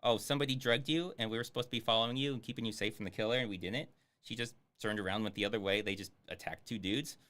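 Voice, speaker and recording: A man's voice: on the low side, quick pace, fairly bright tone. A man giving sarcastic, swearing live commentary on a film as he streams it. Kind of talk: casual livestream commentary.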